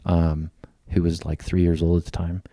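Deep-voiced man telling a story. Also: moderate pace, dry recording, clean studio sound. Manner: lively storyteller who acts out quoted lines. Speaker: guest. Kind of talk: storytelling in casual conversation.

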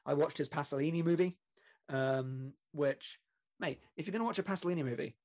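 Chatty British man, fairly high voice. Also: brisk, darkish tone. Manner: chatty, rambling, laughs often, many fillers. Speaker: podcast co-host. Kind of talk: casual film podcast chat.

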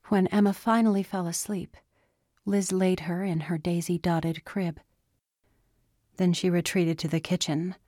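A woman narrating a novel aloud in a quiet, measured, soft delivery. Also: lowish voice, no room sound, clean studio sound. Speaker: audiobook narrator.

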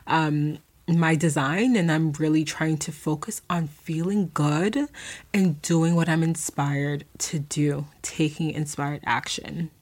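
A woman's voice: low-pitched, darkish tone. A woman hosting her own podcast, talking alone in a casual, earnest way with many fillers and restarts. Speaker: podcast host. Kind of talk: casual solo podcast monologue.

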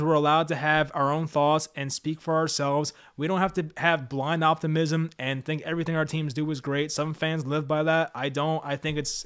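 A man with a fairly high-pitched voice delivers opinionated sports commentary. He is blunt and frustrated, speaking straight to his viewers as the regular voice of his own channel. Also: a bit bright, clear, resonant tone. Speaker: sports commentator, Giants fan channel host. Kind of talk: opinionated scripted commentary to camera.

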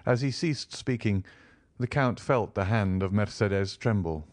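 A man narrating a classic novel for an audiobook in a measured, expressive way. His voice is on the low side, and the recording is dry, close and free of room sound. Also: no echo. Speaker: audiobook volunteer reader.

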